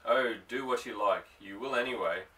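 A man's voice: mid-range voice, moderate pace, sharp tone, distant mic, a little hiss or hum, close to an everyday voice, rough recording. A man doing a worried young woman. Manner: anxious, gloomy. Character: young Scottish woman, worried and sharp-tongued.

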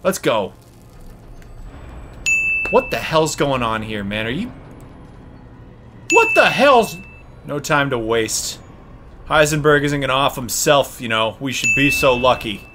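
A man hosting a let's play, talking casually and excitably, yelling and swearing at the game. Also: mid-range voice, slow pace, long pauses, background noise. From Canada. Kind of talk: casual gaming commentary.

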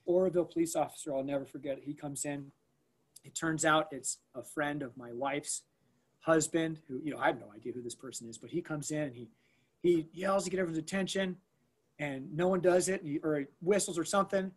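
A man recounting an emergency at school in a conversational interview. He talks in an animated way, with many fillers and restarts, and acts out the things people said. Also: fairly high pitch, brisk, slightly rough.

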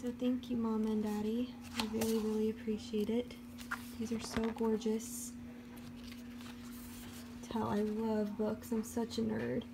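A woman's voice: fairly high pitch, flat delivery, a little slow, creaky, pauses often. A young woman chatting casually in a vlog, gushing about her gifts. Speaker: book vlogger. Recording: background noise.

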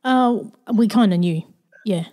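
A woman sitter answering a medium in brief, quiet replies. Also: medium pitch, unhurried. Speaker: sitter receiving a reading.

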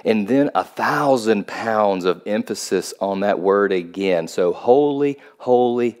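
A man's voice: fairly low pitch, a little mellow. A male pastor giving a short video sermon, emphatic and stressing key words with rising force.

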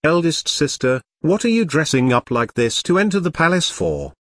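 A man voicing a sharp-witted young noblewoman, reading her lines in a level, composed way for an audio novel. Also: on the high side, sing-song, normal speed, no echo, studio quality, pitched above the performer's own voice. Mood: calm, pointed.

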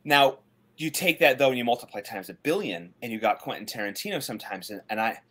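A man in casual conversation who stops and restarts often and leans on fillers, then picks up into animated runs when an idea lands. His voice sits at an ordinary middle pitch for a man, plain and unremarkable. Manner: halting, many restarts and fillers, animated bursts. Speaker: co-host of a comics writing podcast. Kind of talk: casual discussion.

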